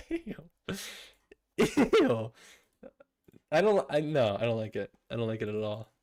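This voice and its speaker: Animated young male streamer. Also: lowish voice, quick pace, hardly any pauses. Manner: animated, laughing often, playfully indignant. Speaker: streamer reading viewer messages. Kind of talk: casual livestream chat.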